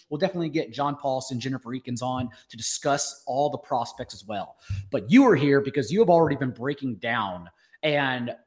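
A young man hosting a sports podcast, chatting casually and upbeat, sometimes rushing through lines. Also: on the high side. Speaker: podcast host.

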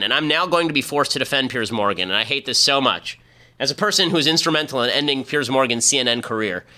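Combative bright-voiced male commentator. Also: medium pitch. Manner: fast, combative, mocking. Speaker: podcast host. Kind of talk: opinion commentary monologue.

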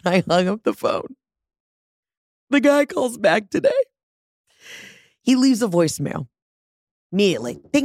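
A woman's voice: fairly low pitch, expressive, moderate pace, pauses often, a little mellow, dry recording, studio quality. A woman telling a profane, dramatic story in a casual monologue, acting out both sides of phone calls. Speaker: vlogger.

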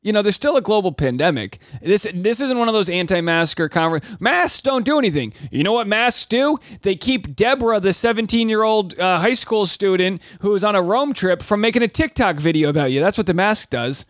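A man's voice: high voice, animated, fairly quick, hardly any pauses, no room sound, studio quality. A man hosting a comedy reaction podcast, cracking jokes and riffing sarcastically between clips with a grating voice. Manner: wisecracking, riffs and asides. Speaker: comedian commentary host.

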